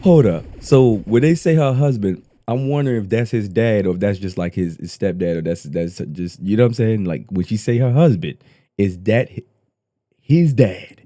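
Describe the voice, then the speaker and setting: A man, hosting and reacting in casual, animated commentary, often repeating himself. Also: lowish voice, normal speed, dry recording, clean studio sound. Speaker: host reacting to a clip.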